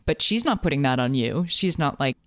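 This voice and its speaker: A woman's voice: very deep voice, lively intonation, fairly quick, no echo, clean studio sound. A woman hosting a podcast interview, reflective and affirming toward her guest. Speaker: podcast host. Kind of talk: conversational interview.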